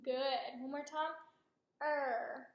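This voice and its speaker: A woman's voice: sits high, normal speed, fairly bright tone. A woman speech therapist giving patient, encouraging instructions in a clinical demonstration. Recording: roomy echo.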